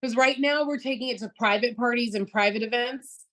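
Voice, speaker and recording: A woman who co-founded a business, talking as a guest in a casual interview and telling lively stories full of "like" and "you know". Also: on the high side, brisk, low-quality recording.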